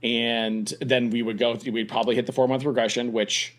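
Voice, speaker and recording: Rambling young dad chatting on a podcast. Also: male voice, medium pitch, level tone, fairly quick. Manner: rambling, many restarts and fillers. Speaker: podcast co-host. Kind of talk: casual podcast chat.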